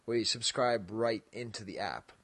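A man's voice: on the low side, moderate pace, fairly bright tone, no room sound. Rambling, jokey male podcast co-host. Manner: rambling and jokey, laughs often, trails off with "so". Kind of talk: casual chat.

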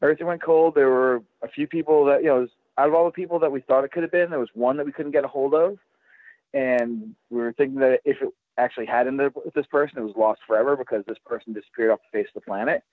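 A man, a guest collector, chatting casually on a podcast in a halting way, full of restarts and fillers. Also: mid-range voice, dry recording. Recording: tinny, dry phone line.

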